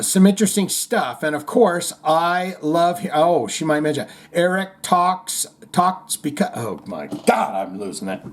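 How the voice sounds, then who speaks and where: A man hosting a casual comedy podcast, reading listener comments and jokes aloud with playful asides. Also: fairly high pitch. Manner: animated, jokey, puts on voices when reading comments.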